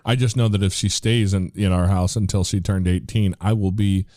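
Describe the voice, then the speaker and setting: A man's voice: sits low, fairly even intonation, a little fast, mellow, dry recording, clean studio sound. An American man in his forties, a podcast host, talking earnestly in casual conversation with frequent restarts.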